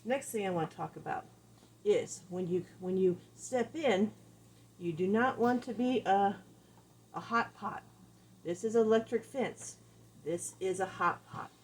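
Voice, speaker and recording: Woman dog trainer explaining stuff casually, animated, says things twice, acts out examples. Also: mid-range voice, unhurried, husky. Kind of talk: casual teaching talk.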